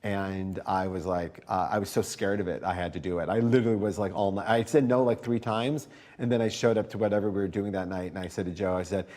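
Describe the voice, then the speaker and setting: A man with a Cleveland accent tells a story in an archived interview clip, his voice slightly low in pitch. He is an animated storyteller who drops into quick impressions of the people he is describing. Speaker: comic book writer.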